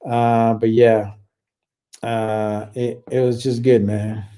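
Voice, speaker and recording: A man's voice: medium pitch, flat delivery, slow, mellow, clean tone. A man in his forties, a veteran hosting a casual live chat, who swears freely and rambles with many fillers and restarts. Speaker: livestream host and Army veteran. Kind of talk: casual live chat, reading and answering viewer comments.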